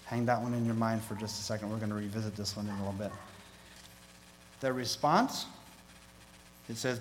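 A man giving a sermon, reading scripture aloud, growing louder and higher on key verses and asking the congregation questions. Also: brisk, pauses often, a little hiss or hum, rough recording. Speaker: pastor.

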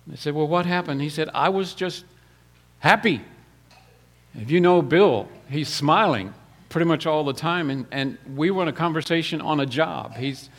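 A male preacher tells personal stories in a plain, homespun way. He often repeats words and clears his throat before going on. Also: fairly high pitch, a little fast.

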